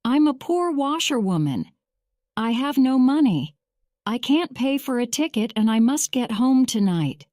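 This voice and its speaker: A woman voicing an excitable, boastful male toad in an audio storybook, pleading in a raised, louder voice. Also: a little slow, dry recording, clean studio sound. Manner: pleading, self-pitying, higher and louder than the narration.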